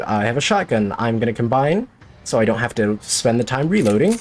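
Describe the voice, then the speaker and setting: A man's voice: mid-range voice, big pitch swings, brisk, a little mellow, a little hiss or hum. A man streaming a horror game, talking to himself in jumpy, joking commentary. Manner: jumpy, talks to himself, jokey. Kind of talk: let's play commentary.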